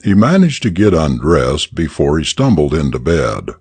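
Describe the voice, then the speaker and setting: Man, story narration, husky voice, lively intonation, dry close sound. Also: extremely low pitch, dry recording. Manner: expressive, deliberate reading. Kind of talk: audiobook story reading for English learners.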